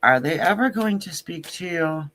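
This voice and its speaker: A woman's voice: on the low side, lively intonation, moderate pace, fairly bright tone. A woman giving a casual tarot reading to camera, blunt and joking, with sassy asides and casual swearing. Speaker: tarot reader.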